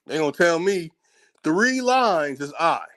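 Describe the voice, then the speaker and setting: A man with a fairly high voice delivers a blunt monologue in informal speech, with profanity. He hammers his point with rhetorical question after rhetorical question, circling back to repeat them for emphasis. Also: big pitch swings, a little slow, pushed and bright. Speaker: speaker giving a monologue. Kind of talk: heated spoken commentary.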